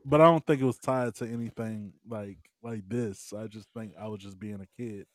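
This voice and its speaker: A man's voice: fairly low pitch, moderate pace, no room sound. A man co-hosting a casual podcast chat, talking with many fillers and restarts. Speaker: podcast co-host.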